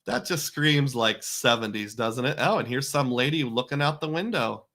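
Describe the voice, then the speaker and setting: A man's voice: mid-range voice, normal speed, pushed and bright. A man hosting a casual livestream, reading viewer comments aloud and thanking donors with frequent chuckles. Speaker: livestream host. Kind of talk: casual live-stream chat.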